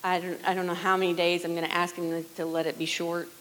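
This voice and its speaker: A middle-aged woman sharing a personal testimony in church, earnest and conversational, often dropping to a hushed voice. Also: on the low side, level tone, fast, slight background noise, low-quality recording. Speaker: worship leader sharing testimony.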